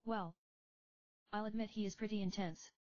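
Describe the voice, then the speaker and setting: A woman voicing a tired but kind young woman who speaks in a friendly, gently teasing way in a storybook reading. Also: mid-range voice, fairly even intonation, moderate pace, no room sound, highs cut off, voice pushed up, natural voice. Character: weary young woman summoner, warm and kind.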